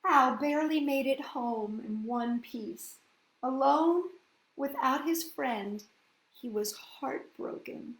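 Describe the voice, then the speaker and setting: A woman hosting a children's story reading, gentle and sing-song, often asking her listeners questions. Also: sits high, slow. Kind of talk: children's storybook read-aloud. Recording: roomy echoey room.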